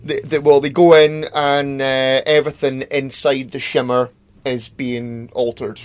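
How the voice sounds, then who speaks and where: A man's voice: mid-range voice, flat delivery, measured pace, clean tone. A man co-hosting a podcast in casual chat, rambling with many fillers and plenty of swearing. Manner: rambling, hesitant, swears freely. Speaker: podcast co-host.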